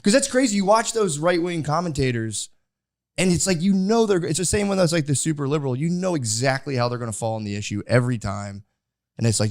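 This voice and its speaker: A man's voice: fairly high pitch, quick pace, a little mellow, no echo, studio quality. A man in his thirties co-hosting a podcast in casual chat, rambling with many fillers and acting out quotes. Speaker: podcast co-host.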